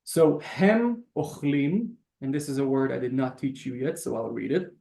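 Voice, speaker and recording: A man teaching a beginner language class over a video call, patiently explaining each step and sounding out words slowly. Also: mid-range voice, gravelly, warm tone, reverberant. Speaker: Hebrew teacher.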